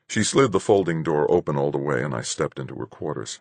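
A man with an extremely deep, husky voice narrates a first-person story. His delivery is measured and even. The recording is close and dry, with no room sound. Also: dry recording. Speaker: audiobook narrator.

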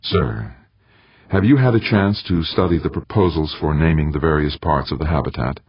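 A man's voice: very deep voice, lively intonation, normal speed, breathy edge, no room sound, full character voice. A man doing a scheming, ingratiating official. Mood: persuasive. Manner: polite, soothing, ingratiating. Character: scheming, smoothly deferential male official. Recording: dull, muffled audiobook recording.

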